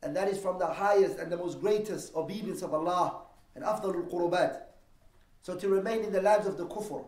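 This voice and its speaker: High-voiced man teaching in an echoey room. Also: darkish tone, recorded from a distance. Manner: explains terms, poses rhetorical questions to the class; reads Arabic texts quickly, then translates. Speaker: religious teacher. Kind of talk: lesson on Islamic law.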